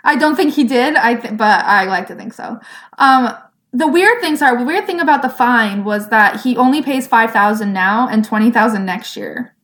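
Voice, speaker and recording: A woman's voice: on the high side, moderate pace. Giggly woman in an echoey room. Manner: giggly, animated retelling. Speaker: podcast co-host. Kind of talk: casual chat about motor racing.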